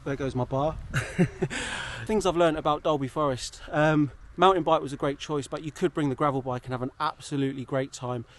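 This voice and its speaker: Southern english guy vlogging on a bike ride, bit higher voice, light outdoor hum behind. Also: normal speed. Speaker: cycling vlogger. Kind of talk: casual chat to camera. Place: outdoors, riding trails and roads.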